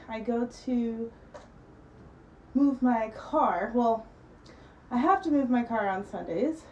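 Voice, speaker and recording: A woman's voice: medium pitch, a little mellow, slight background noise, low-quality recording. Chatty woman streamer, slightly out of breath. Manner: chatty, rambling, self-correcting. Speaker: streamer leading a stretching session. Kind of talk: casual live-stream chat.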